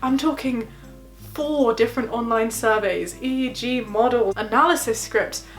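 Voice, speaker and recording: A young woman chatting casually about her PhD life, laughing often and acting out quotes in high voices. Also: normal speed, faint music behind. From England. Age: young adult. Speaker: PhD student vlogger. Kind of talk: casual reaction vlog.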